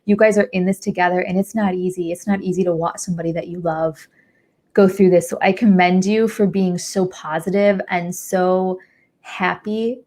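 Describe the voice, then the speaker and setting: A woman's voice: fairly low pitch, fairly even intonation, normal speed, warm tone. A young woman hosting a charity livestream, talking in a gushing, effusive and emotional way. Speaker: livestream host. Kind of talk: casual livestream chat.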